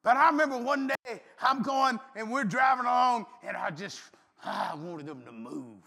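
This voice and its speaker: A middle-aged man preaching a folksy, animated sermon full of stories, sometimes shouting. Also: extremely high pitch, normal speed, creaky. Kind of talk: sermon with storytelling. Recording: long hall reverb.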